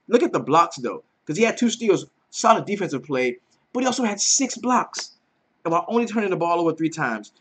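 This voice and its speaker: A man hosting a casual daily fantasy basketball breakdown, animated and slangy, swearing freely. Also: on the high side, husky. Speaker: daily fantasy sports host. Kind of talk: casual sports betting breakdown.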